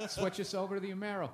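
A man in his forties, a comedian talking in a loose, rambling, self-mocking way with plenty of swearing. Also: sits high. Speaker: comedian guest. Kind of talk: casual chat. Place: festival interview.

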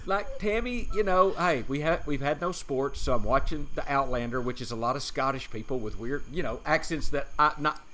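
Rambling older man, bright voice. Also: medium pitch, a little fast, hardly any pauses, slight background noise. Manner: rambling, chuckling, self-deprecating. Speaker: podcast co-host, father. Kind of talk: casual chat.

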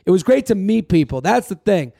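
Guy with a high raspy voice rambling on his podcast, crude jokes, lots of plugs, dry close sound. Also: big pitch swings, brisk, mellow, no room sound. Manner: rambling, crude joking, self-promoting. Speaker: podcast host and comedian. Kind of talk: casual podcast chat.

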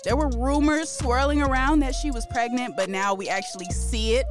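A woman's voice: a little high, steady tone, normal speed, music in the background. A woman hosting a podcast, chatting casually and upbeat, laughing often. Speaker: podcast host.

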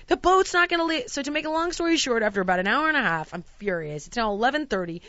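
A woman's voice: mid-range voice, expressive, very fast, dry recording, highs cut off. A woman in casual chat, telling a long travel story and acting out the quotes with exasperated outbursts. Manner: acts out quotes, shouting in exasperation.

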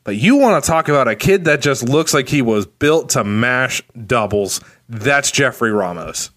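A man with a mid-range voice chats casually as a podcast co-host. He speaks with eager, animated enthusiasm, like a devoted fan. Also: mid-range voice, moderate pace. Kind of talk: casual sports chat.

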